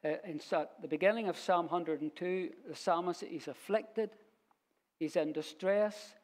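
A man teaching a Bible sermon in a church, unhurried and storytelling as he quotes verses. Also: sits high. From Scotland. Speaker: preacher.

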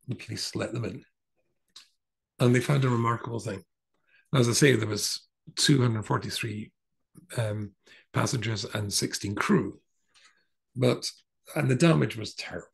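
A rabbi with a lowish, gravelly voice rambles through a long personal anecdote, wandering into asides and starting over at times. The audio quality is poor.

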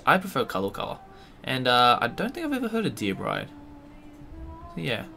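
A young man commentating his own horror game live, talking to himself, swearing and yelling in frustration. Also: mid-range voice, huge pitch swings, fairly quick, gravelly, long pauses, faint music behind. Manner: swears a lot, talks to himself, yells in frustration. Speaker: streamer playing a horror game.

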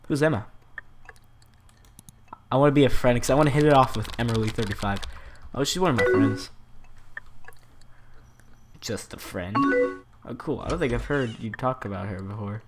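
A young man hosting a let's play, joking and reading chat messages aloud in an animated voice. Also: mid-range voice, moderate pace, long pauses. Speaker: gaming channel host. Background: loud game music.

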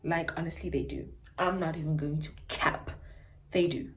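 A woman's voice: deep voice, moderate pace. Gushing young woman. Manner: gushing and excitable, slangy. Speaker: vlogger and school teacher. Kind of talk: casual haul chat.

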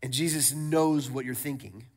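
A man preaching a sermon as pastor, energetic, repeating words and calling out to the congregation. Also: mid-range voice, normal speed. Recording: long church hall reverb.

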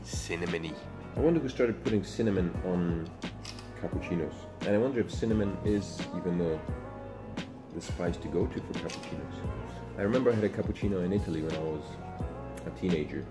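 A man's voice: deep voice, a little fast. A man chatting casually and teasing his partner while vlogging in a cafe. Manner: teasing, dry jokes. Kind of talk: casual chat. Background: music.

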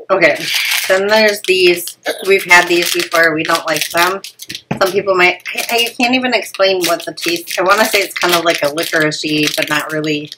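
A woman's voice: on the low side, moderate pace, background noise. A woman in her thirties hosting a casual family snack unboxing, chatty and laughing often, stumbling over foreign names. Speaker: family channel host.

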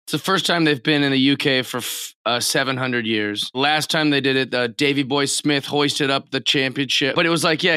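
A man's voice: mid-range voice, moderate pace, few pauses, bright, forceful tone, clean tone, dry recording, studio quality. A man co-hosting a podcast, joking and rambling casually with lots of fillers. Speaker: podcast co-host. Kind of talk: casual chat.

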